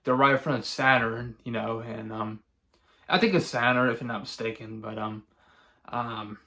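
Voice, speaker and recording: A man giving a casual spoken movie review, rambling and halting with many fillers and restarts, chuckling now and then as he recounts scenes. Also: medium pitch, fairly even intonation, pushed and bright. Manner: chuckles often while recounting.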